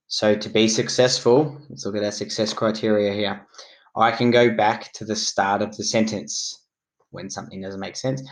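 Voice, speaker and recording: A man speaks in a fairly low voice as a primary school teacher recording a reading lesson. His delivery is slow, clear and encouraging, pitched for young children. He sounds like he is in his classroom.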